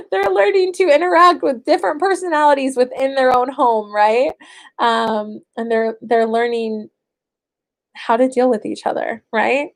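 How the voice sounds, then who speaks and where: A young adult woman and mother, chatting casually to camera in a lively, animated way. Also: sits high. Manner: chatty, animated, acts out what she tells her kids. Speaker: stay-at-home mother starting homeschooling. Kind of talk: casual vlog chat.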